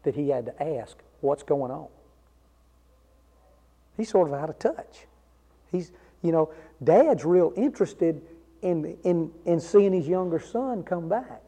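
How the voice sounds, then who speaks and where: A man's voice: fairly high pitch, lively intonation, a little slow, mellow. A man preaching a sermon, explaining a passage with rhetorical questions and casual asides. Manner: conversational asides. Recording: long reverb of a large hall.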